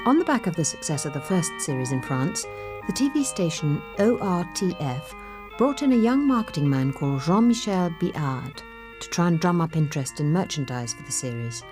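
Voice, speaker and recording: A woman giving scripted documentary narration in a measured, wry tone. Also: low-pitched, very animated, music in the background.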